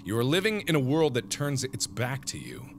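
A man's voice: mid-range voice, huge pitch swings, moderate pace, background noise. A man doing solemn glowing fairy beings. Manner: solemn, grandiose pronouncements.

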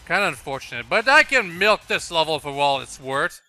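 A man's voice: fairly high pitch, sing-song, a little fast, sharp tone, soft background music. A man with a French accent hosting a game video, chatting and laughing through casual let's-play commentary aimed at the level maker. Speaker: gaming channel host.

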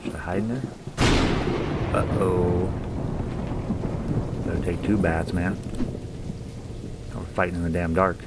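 A man's voice: deep voice, fairly even intonation, brisk, long pauses, very noisy. A young man casually commentating a horror game, joking, swearing and talking back to the characters. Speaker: gaming YouTuber.

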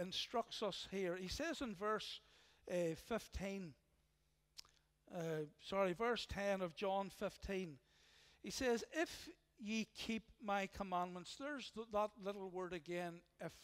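A man with a Northern Irish accent preaching a sermon as pastor, earnest and emphatic, often repeating phrases for weight. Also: high voice. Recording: long hall reverb.

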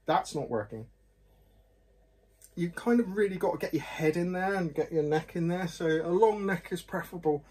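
A man's voice: high-pitched, moderate pace, a little mellow, husky. A man reviewing whisky glasses in a chatty, rambling, self-deprecating way, often apologising. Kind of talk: casual chat to camera.

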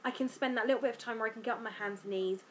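A young British woman with an English accent chatting casually to camera about family life, lively and a bit tired. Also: a little high, rapid-fire, very noisy. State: tired from lack of sleep. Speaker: vlogger.

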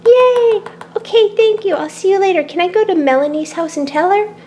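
A woman voicing a cheerful little girl bunny in a toy play-acting video, bubbly and squealing with excitement. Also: very high voice, fast, a little hiss or hum, pitched above the performer's own voice. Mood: excited.

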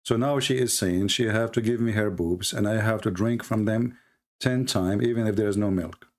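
A man's voice: on the low side, normal speed. A man hosting a live stream. He delivers sarcastic, mocking commentary.

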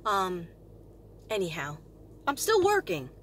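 A woman's voice: medium pitch, wildly swooping pitch, slow pace, slight background noise. A woman in her fifties, a retired teacher, chatting in a rambling, bubbly way on her astrology vlog, laughing often. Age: 50s. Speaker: astrology vlogger.

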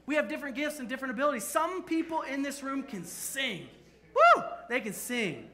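Bright, high-voiced man preaching with humor. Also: expressive, fairly quick. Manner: playful, joking with the congregation. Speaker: pastor. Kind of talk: sermon. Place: church sanctuary. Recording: echoey church sanctuary.

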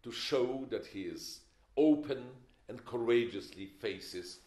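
A man's voice: mid-range voice, lively intonation, slow pace, dark tone. An older man giving a film masterclass, opinionated and emphatic, with wry stories. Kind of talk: masterclass lecture. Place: lecture hall. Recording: echoey lecture hall.

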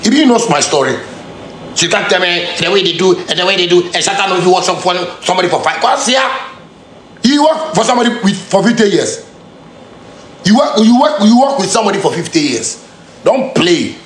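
A musician with a Ghanaian Pidgin English accent rants angrily straight to camera, confrontational and heated, packed with street slang and repeated phrases. His voice is high and sing-song at a brisk clip, in an echoey room with a little hiss or hum.

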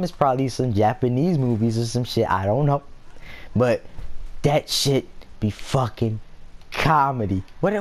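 A young man talks loosely over his gameplay, swearing and wandering off into side stories. His voice swings widely in pitch from one phrase to the next, never settling into a flat delivery. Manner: rambling, profane, laughing asides. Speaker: gameplay vlogger. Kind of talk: casual gaming commentary.

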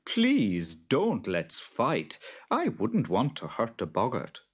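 A storyteller voicing a calm, clever male farmer who speaks in a soothing, good-humoured way. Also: low voice, takes it slowly. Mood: teasing. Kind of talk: storybook reading.

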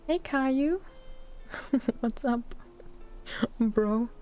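A young German woman with a German accent, chatting softly and often half-whispering in a relaxed ASMR gaming stream, close to the mic. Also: fairly high pitch, extremely slow. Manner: often half-whispered, relaxed, answers chat between gameplay. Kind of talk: soft-spoken ASMR gaming stream chat. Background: faint lo-fi music.

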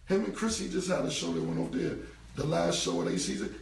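A blunt, slangy man of forty with a gravelly, fairly high voice, answering in a casual interview. He repeats his points plainly. He sits well back from the mic in a roomy, echoing space. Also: huge pitch swings, a little fast, recorded from a distance. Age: 40s. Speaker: interview guest.

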